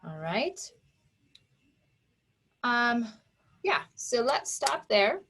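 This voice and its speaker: A woman teaching an online phonics lesson, speaking clearly and sounding out words one sound at a time for young children. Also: a little high, very animated, takes it slowly, long pauses, a bit bright.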